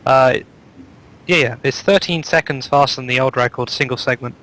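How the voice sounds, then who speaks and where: A man's voice: mid-range voice, moderate pace, a bit bright, low-quality recording. Rambling joking man on a voice call. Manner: rambling, joking, lots of fillers. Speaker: co-host reading out new speedruns. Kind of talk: casual live chat show.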